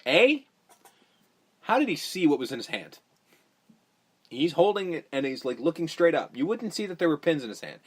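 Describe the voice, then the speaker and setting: This podcast host's voice is fairly high and slightly rough, moving at a moderate pace with long pauses. He walks through a horror film casually, swearing freely and animatedly mimicking characters' dialogue as he tells it.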